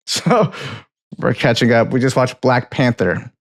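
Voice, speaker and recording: A man co-hosting a film podcast, chatting casually in a relaxed, rambling way with frequent laughs. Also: medium pitch, moderate pace, vocal fry, no room sound, clean studio sound. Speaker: podcast co-host. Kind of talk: casual chat.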